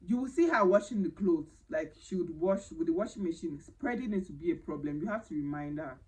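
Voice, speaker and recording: Animated Nigerian woman telling a story. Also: lowish voice, fairly quick, poor audio. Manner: animated, dramatic storytelling with Pidgin phrases. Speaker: vlogger telling a personal story. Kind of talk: casual storytime.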